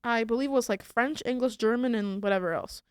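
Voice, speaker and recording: Smooth-voiced young woman chatting. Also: a little high, fairly quick, no echo, studio quality. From Florida. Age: young adult. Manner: chatty, rambling storyteller. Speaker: podcast co-host. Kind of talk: casual chat.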